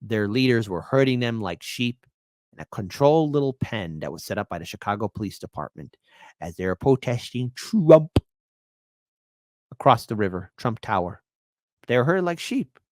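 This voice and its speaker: A man hosting a casual commentary show, loudly mocking news clips with profanity. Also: medium pitch, normal speed, no echo, clean studio sound. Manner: loud, mocking, profane, lively swings. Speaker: host reacting to news clips.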